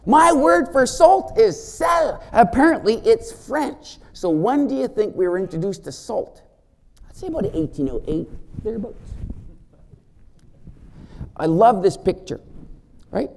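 A man giving a conference keynote as a First Nations chief, animated and joking, often asking the audience questions. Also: sits high, measured pace, vocal fry, long pauses.

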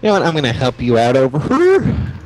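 A man's voice: mid-range voice, wildly swooping pitch, brisk, a little mellow, a little hiss or hum. A man co-playing a video game, chatting casually, teasing and joking with his partner. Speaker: co-op gaming partner. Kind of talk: casual gameplay chat.

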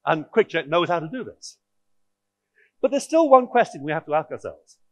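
A man's voice: fairly high pitch, very animated, moderate pace, no echo. A man giving a technical conference talk, explaining in a wry, audience-directed way. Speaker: conference speaker.

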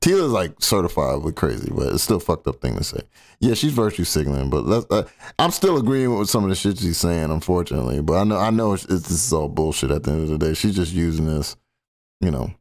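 A man's voice: deep voice, animated, quick pace, gravelly, a little mellow. A man hosting a casual reaction stream, commenting bluntly and crudely on clips with joking asides.

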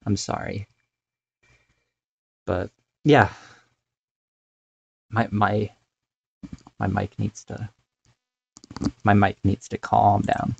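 A man's voice: on the low side, little pitch movement, very slow, creaky, long pauses, husky, no echo, muffled recording. A young man streaming for the first time, chatting casually and apologetically while setting up, on a cheap microphone. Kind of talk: casual chat. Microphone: cheap desk microphone.

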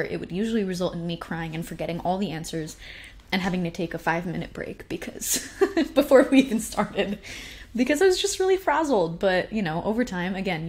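A young woman telling a personal story at a conference, chatty and self-deprecating, often laughing. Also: fairly low pitch. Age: young adult. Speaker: conference speaker.

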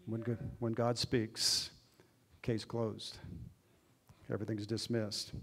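A pastor preaching a sermon in a church, earnest, putting questions to the congregation and swinging between loud emphasis and quiet asides. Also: male voice, medium pitch, level tone, normal speed.

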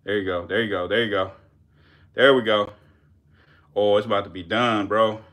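A young man, giving loud, profane, laughing commentary as a channel host on a casual live stream. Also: on the low side, steady tone, moderate pace. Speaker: channel host feeding snakes.

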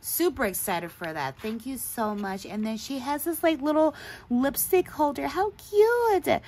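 A woman's voice: on the high side, expressive, moderate pace, darkish tone. Gushing chatty woman crafter. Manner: gushing, chatty, laughs often. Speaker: craft channel host. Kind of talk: casual show-and-tell chat.

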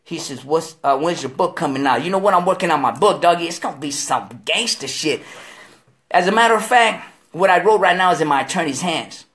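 Speaking briskly in a voice on the high side, a male host from Delaware runs a laid-back live-stream chat. His delivery is slangy and full of profanity, with animated anecdotes and voiced impressions.

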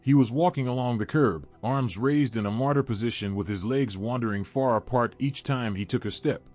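A man giving a steady, measured scripted narration of a horror story. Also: medium pitch. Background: faint music.

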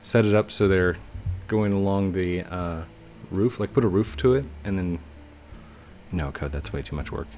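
A young man giving casual gameplay commentary, chatting to himself with sudden excited outbursts. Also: deep voice, normal speed, a little hiss or hum. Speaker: gaming YouTuber.

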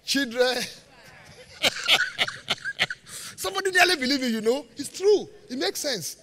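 A man preaching a live sermon in church, joking with the congregation and pausing for it to finish Bible verses. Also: very high voice, expressive, sharp tone, slight background noise. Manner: call-and-response, leaves gaps for the congregation to finish verses; jokes and laughs with the congregation. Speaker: pastor. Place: church auditorium. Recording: live church hall reverb.

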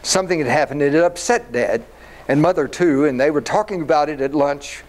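An older man giving an animated storytelling talk to an audience. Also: fairly high pitch, brisk, low-quality recording. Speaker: speaker.

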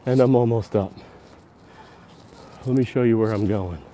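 A man's voice: on the low side, unhurried, dark tone, slight background noise. A man narrating a casual live-stream walking tour outdoors, out of breath from climbing stairs and chatting to his viewers as he goes. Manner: chatty, addresses viewers as guys. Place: outdoors on a hillside park at dusk.

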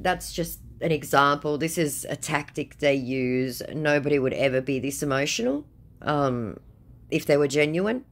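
A woman's voice: low voice, moderate pace, gravelly. A woman giving a casual vlog update in a wry, amused and dismissive tone. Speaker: video creator.

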